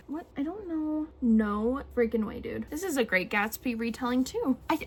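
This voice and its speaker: Young woman vlogger, chatty and rambling, breathy tone. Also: a little high. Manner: chatty, rambling, many fillers. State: teary, emotional. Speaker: booktuber. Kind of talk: casual chat to camera.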